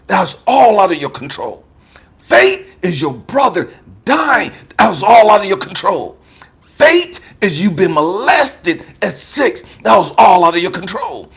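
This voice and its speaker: A man voicing God as a stern but patient divine presence, speaking slowly in a hushed, partly whispered way. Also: fairly high pitch, slightly rough, heavily acted.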